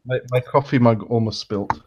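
A man hosting a podcast asks short, polite questions. His voice sits at a middle pitch, and the audio comes through dull and lo-fi, like a remote call. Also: normal speed, noisy background. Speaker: podcast host. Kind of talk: casual chat.

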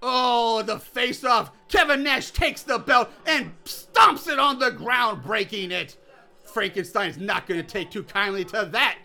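A man with a high-pitched voice talks through a movie in a casual chat with a friend. His tone is piercingly bright, and he swears freely. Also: a little slow. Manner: mock wrestling announcer bits, swears freely. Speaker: co-host.

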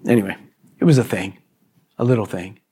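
A man's voice: fairly low pitch, brisk, mellow, breathy edge. A male pastor preaching a sermon to a congregation, in a chatty style with frequent "okay" and "right?" asides, acting out quoted exchanges with his neighbor. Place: church service before a congregation.

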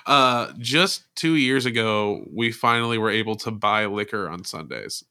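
A man's voice: medium pitch, expressive, bright, forceful tone, clean tone. A man in laid-back casual chat, swearing freely and drawing out his stories. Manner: laid-back, profane, drawn-out storytelling.

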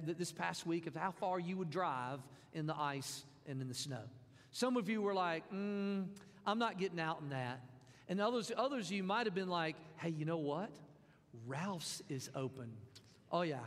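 High-voiced preacher in a hall. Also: male voice. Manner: animated, folksy, with acted asides. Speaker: pastor. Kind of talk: sermon. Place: church sanctuary. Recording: church hall with long reverb.

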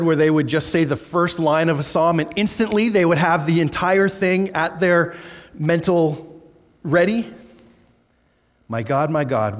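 A man's voice: fairly high pitch, long reverb tail. A man who is a Baptist pastor, preaching a sermon in a conversational way and reading scripture aloud with emphasis.

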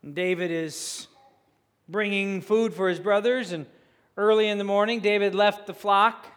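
A man preaching a sermon, retelling a scripture story with animated, conversational asides. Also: high-pitched, measured pace, smooth. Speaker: pastor. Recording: echoey hall.

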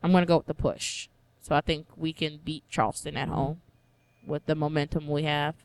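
Giggly co-host, mid pitch, dry close sound, chatty and hedging. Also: little pitch movement, moderate pace, smooth, dry recording, poor audio. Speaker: podcast co-host. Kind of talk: casual sports podcast chat.

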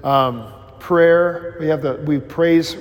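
A male pastor teaching a new member class, informal and rambling, with animated storytelling, many restarts and self-deprecating humor. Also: on the high side, slow pace, long reverb tail.

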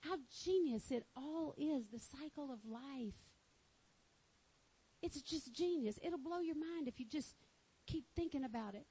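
A woman's voice: high voice, lively intonation, unhurried, warm tone, low-quality recording. A woman with a Texan accent preaching a fervent sermon, exclaiming and reading scripture aloud. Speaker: pastor.

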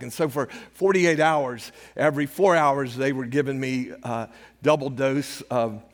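Older male preacher, slightly high voice, chatty storytelling sermon, long hall echo. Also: measured pace. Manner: conversational storytelling, acts out quoted dialogue. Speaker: pastor. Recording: hall reverb.

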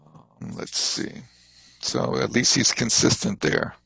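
Gravelly man teaching a slow class. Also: medium pitch, lively intonation, a bit bright, no room sound, poor audio. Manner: thoughtful, halting explanation with spelled-out terms. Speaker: Buddhist teacher.

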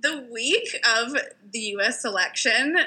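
A young adult woman hosting a casual podcast chat, animated and emphatic, laughing often. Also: on the high side, measured pace, heavy background noise. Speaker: podcast host, sex worker.

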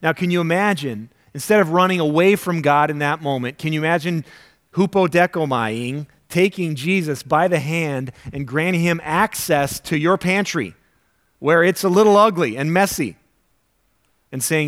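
Animated man preaching a conversational sermon. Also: moderate pace. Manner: conversational, asks the congregation questions; acts out quoted prayers with big jumps in pitch and volume. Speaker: pastor. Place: church sanctuary before a congregation.

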